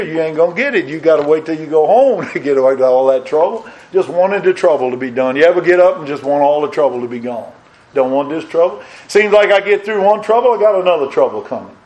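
A man's voice: fairly high pitch, a little mellow, low-quality recording. An older man preaching a sermon in a folksy way, asking his congregation questions and rising to emphatic peaks. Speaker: pastor.

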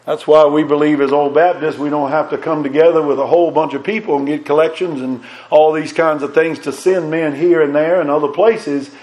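A man preaching a sermon in a fairly high voice. He is fervent and emphatic, often repeating words as he goes. He swings from raised, urgent lines down to hushed ones. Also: steady tone, fairly quick, hardly any pauses, poor audio.

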